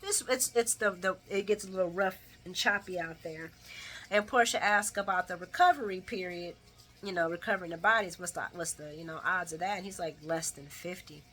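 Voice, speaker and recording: A woman talks through a daily soap recap in a bright, forward voice. She chats directly to her viewers, laughs easily and talks back at the characters with expressive flair. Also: on the low side, a little fast. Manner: chatty, addresses viewers directly. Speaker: soap opera recap vlogger. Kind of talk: casual daily recap commentary.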